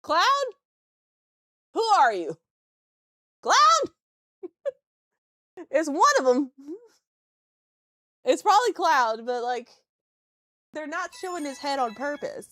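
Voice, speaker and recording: A young woman streaming live, teary and excitable, rambling and giggling as she reacts. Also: high-pitched, slow pace, long pauses, no room sound. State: teary from crying.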